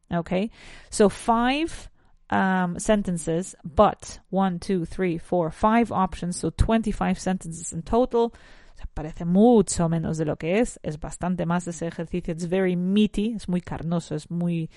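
A woman's voice: fairly low pitch, a little slow, darkish tone, dry recording, clean studio sound. Woman teaching English vocabulary. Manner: switches between English and Spanish, self-correcting, chatty asides. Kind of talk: bilingual lesson, teaching English vocabulary to Spanish speakers.

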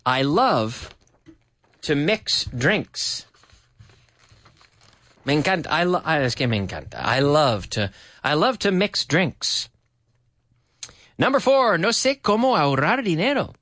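Male radio English teacher, animated and a bit high-voiced, dry close studio sound, drills phrases slowly. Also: dry recording. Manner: chatty, laughs often, repeats phrases slowly for learners.

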